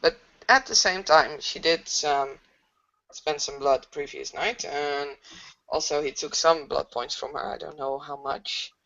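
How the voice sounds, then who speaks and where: A woman playing a tabletop game, describing her character's actions in a halting, hesitant way, on a dull lo-fi recording. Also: low-pitched, fairly bright tone. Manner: hesitant, halting narration with fillers. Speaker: player.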